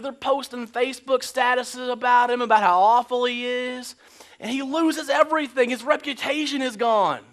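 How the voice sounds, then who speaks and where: A man's voice: high voice, fairly bright tone. A man preaching a casual, joking sermon in church, slipping into slangy quoted voices. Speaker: pastor. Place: church sanctuary.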